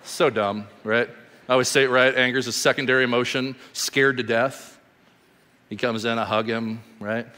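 A man in his thirties preaches to a congregation, his voice carrying through a large, reverberant sanctuary. He tells stories animatedly, jumping from loud bursts to hushed, deliberate points. His pitch sits at an ordinary middle. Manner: animated storytelling, swinging from loud bursts to quiet emphasis. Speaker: pastor. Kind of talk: sermon. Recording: reverberant hall.

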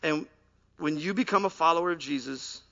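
Preacher, man, bright and forceful, shifting between lively storytelling and quiet earnestness. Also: on the high side, fairly quick, lo-fi sound. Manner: animated storytelling, drops to soft earnest tones. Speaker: pastor. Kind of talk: sermon.

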